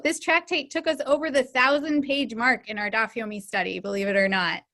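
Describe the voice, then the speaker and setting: A woman with a high voice hosts a celebration for an online study group over a video call. She greets her guests warmly, then talks through the material in a measured, thoughtful way. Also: steady tone. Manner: warm welcoming introductions, then measured reflective explanation. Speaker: host and editor.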